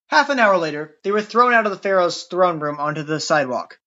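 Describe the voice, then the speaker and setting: A podcast narrator telling a Bible story in a wry, lively scripted way, on a dull lo-fi recording. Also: mid-range voice, brisk, few pauses.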